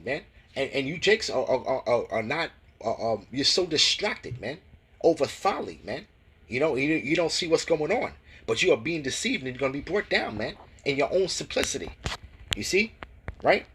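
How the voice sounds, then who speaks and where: Very husky man teaching scripture. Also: a little high, big pitch swings, fairly bright tone, poor audio. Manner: tags lines with "man, you know?", stammers restarts; reads scripture slowly and deliberately. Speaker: religious teacher.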